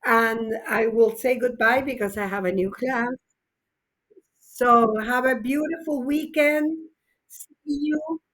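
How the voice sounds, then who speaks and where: A woman teacher runs an English grammar lesson. Her voice sits a little high and she takes her time, spelling out each rule patiently. She keeps cheering the class on, dropping into to gloss words. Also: fairly bright tone. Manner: encouraging, explains grammar slowly and switches to Spanish for glosses.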